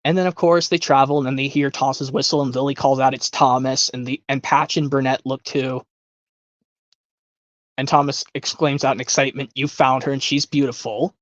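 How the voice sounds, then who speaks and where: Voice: medium pitch, fairly even intonation, brisk, no echo, highs cut off. A streamer chatting casually between voice impressions, rambling and hesitant as they pile up fan trivia.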